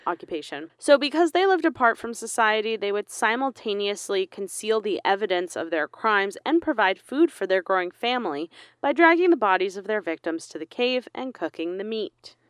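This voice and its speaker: A woman's voice: medium pitch, sing-song, moderate pace, smooth, dry recording, studio quality. A young woman co-hosting a podcast, laughing often as she reads a true crime story aloud in casual chat. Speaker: podcast co-host.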